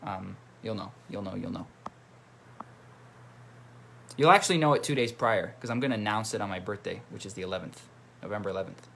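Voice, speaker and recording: Chatty low-voiced man on a livestream. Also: fast talker, creaky, fairly bright tone. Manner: chatty, reads viewer comments aloud and greets them. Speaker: musician hosting a livestream. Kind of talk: casual livestream chat. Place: at home by his computer.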